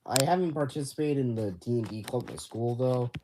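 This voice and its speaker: A teenage boy chatting casually on a livestream from his bedroom, halting and rambling with many restarts. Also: medium pitch, dark tone, a little hiss or hum. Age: teens. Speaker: livestream host.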